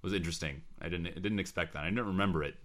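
A man's voice: low-pitched, racing, a bit bright. A man co-hosting a casual movie podcast, rambling and hesitant with frequent restarts. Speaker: podcast co-host.

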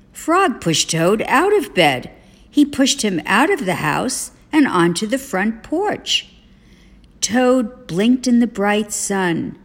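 A woman reading a children's storybook aloud as a parent, narrating gently and expressively. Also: on the low side.

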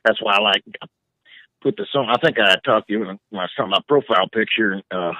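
A male musician calling in to a radio show, easygoing and halting, with lots of fillers. His voice sits mid-range and comes through a dull, muffled line. The sound is dry, with no room around it. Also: fairly low pitch, no room sound. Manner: laid-back, halting, full of fillers. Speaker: musician guest. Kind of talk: casual phone-in chat.

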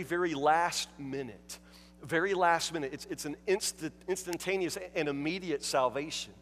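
High-voiced preaching man in reverberant hall. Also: slight background noise. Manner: emphatic, repeats words, drops to hushed tones. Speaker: pastor. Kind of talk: sermon.

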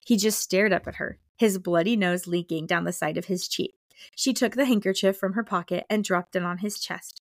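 A young woman talks through a novel with a friend, animated and quick to slip into characters' voices. Her voice stays close and dry, with no room sound behind it. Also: lowish voice, no echo. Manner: animated, reads book passages aloud and acts out characters. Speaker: podcast co-host. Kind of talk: casual book-club chat.

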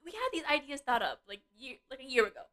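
Teenage girl at a desk mic, slightly high voice, chatty about school stuff, talks fast. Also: sing-song, a bit bright. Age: teens. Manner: chatty, uses filler "like" a lot. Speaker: co-host. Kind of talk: casual advice chat. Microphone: desk microphone.

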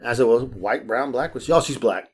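A man hosting a casual podcast, telling stories in an animated way, acting out the voices of people he quotes and swearing freely. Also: mid-range voice, fairly quick, breathy edge. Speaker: podcast host. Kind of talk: casual storytelling chat.

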